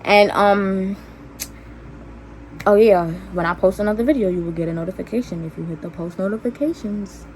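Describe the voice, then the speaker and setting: An eighteen-year-old woman with a Brooklyn New York accent, telling a storytime to her vlog viewers in blunt, animated street slang. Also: mid-range voice, normal speed, a little hiss or hum. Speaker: vlogger. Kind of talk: casual storytime monologue.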